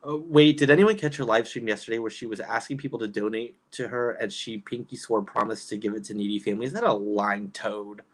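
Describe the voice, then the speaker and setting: A woman's voice: extremely low pitch, fairly quick, few pauses. A woman doing casual livestream commentary, reading chat and ranting in an exasperated way with frequent laughs.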